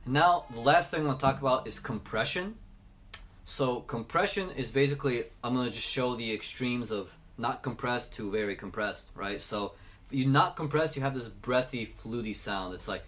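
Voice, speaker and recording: A man teaching singing, talking through techniques and breaking into loud sung demonstrations. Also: medium pitch, normal speed. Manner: explains then belts sung examples. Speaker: vocal coach.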